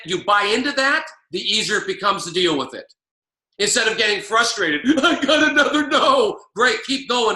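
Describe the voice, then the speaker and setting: Male motivational coach, emphatic and repetitive, high bright voice. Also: reverberant. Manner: emphatic, preachy, repeats key lines. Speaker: network marketing coach.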